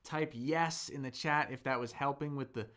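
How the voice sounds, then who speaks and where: A man hosting a live-stream Chinese lesson, slowly explaining pronunciation with lots of fillers and thanking viewers in the chat. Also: mid-range voice, fairly bright tone. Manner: slow, drawn-out speech with many fillers, demonstrating sounds.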